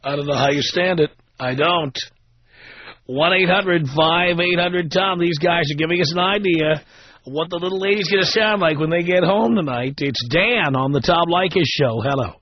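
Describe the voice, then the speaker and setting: A man's voice: fairly high pitch, moderate pace. A man hosting a call-in radio show, teasing his callers with wry, dry remarks. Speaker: radio talk show host. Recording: studio mic, dry, slightly dull.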